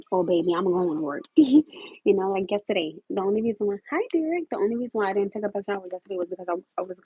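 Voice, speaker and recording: A young woman with a very husky, breathy voice tells her life story on a livestream, chatty and animated. The sound is thin and phone-like. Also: lowish voice. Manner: animated, laughs loudly, chatty and heartfelt. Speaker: livestream host.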